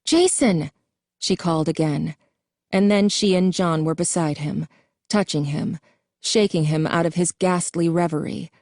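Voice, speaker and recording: Mellow-voiced woman narrating an audiobook. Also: low-pitched, steady tone, moderate pace, no room sound, clean studio sound.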